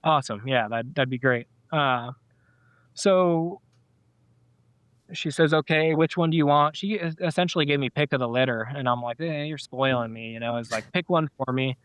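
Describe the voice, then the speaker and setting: A man's voice: medium pitch, moderate pace, fairly bright tone, clear, resonant tone, no echo. A middle-aged man, a podcast guest, telling a personal story in a casual, rambling way with many fillers and restarts. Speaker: podcast guest, dog owner.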